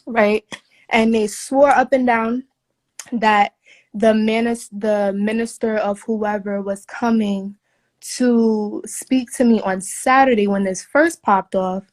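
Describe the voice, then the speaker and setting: A woman's voice: medium pitch, fairly even intonation, unhurried. Indignant young woman ranting in a room. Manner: indignant, emphatic, swears often. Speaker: flight attendant telling her story. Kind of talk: casual phone video rant. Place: hotel room, indoors.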